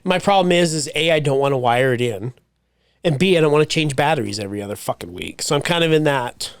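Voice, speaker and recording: A man with a fairly high, lively voice chats on a podcast, joking and laughing. He swears freely, and the mic sounds close and dry. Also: quick pace, smooth, no echo. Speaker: podcast co-host. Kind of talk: casual chat.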